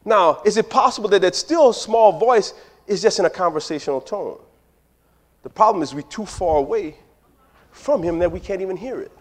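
A man's voice: high-pitched, animated, moderate pace. Joking preacher man. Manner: conversational, joking, talks straight to the congregation. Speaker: pastor. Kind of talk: sermon.

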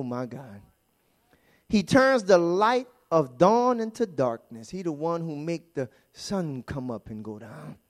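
Male preacher, high and lively voice, shifts between hushed asides and shouted praise. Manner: fervent call-and-response preaching, swings from quiet to shouting. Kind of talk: sermon. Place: church sanctuary.

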